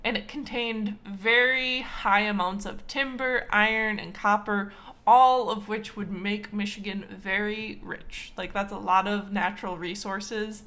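Bright-voiced chatty woman podcaster. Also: medium pitch, steady tone, measured pace. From Wisconsin. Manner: chatty, playfully indignant, many fillers. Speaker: podcast host. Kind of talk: casual history podcast.

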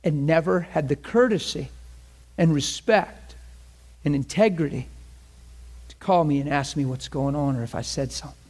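A man preaching a sermon with impassioned delivery, moving between loud bursts and hushed lines. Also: fairly high pitch, moderate pace, pauses often. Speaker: pastor.

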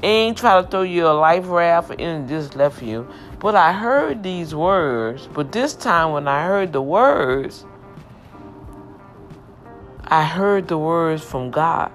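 A woman's voice: deep voice, expressive, slow, faint music behind. A woman sharing an emotional personal testimony, with impassioned, emphatic, repetitive storytelling.

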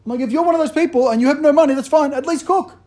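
A pastor giving a sermon in a relaxed, humorous storytelling way, often joking with the congregation. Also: male voice, very high voice, rapid-fire.

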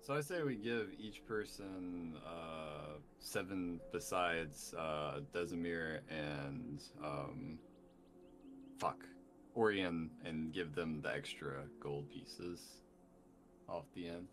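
A man's voice: deep voice, slow, over music. A man playing a tabletop game who rambles, laughs and swears as he talks. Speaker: player. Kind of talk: casual tabletop play.

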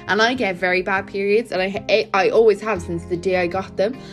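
Chatty young woman hosting a podcast. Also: medium pitch. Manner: chatty storyteller, big exaggerated comparisons. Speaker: podcast host. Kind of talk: casual podcast chat.

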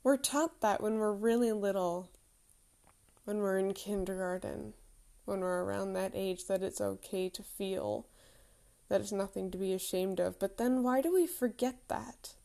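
A woman's voice: mid-range voice, fairly even intonation, a little slow, vocal fry, warm tone. A woman in her thirties telling a candid, reflective personal story with self-deprecating humour.

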